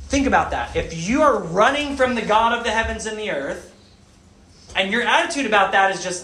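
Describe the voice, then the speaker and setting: A man delivers a sermon in a high, bright voice. He preaches with animation and keeps asking his audience questions. The echoey room adds a faint hum of ambience behind him. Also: lively intonation, fairly quick.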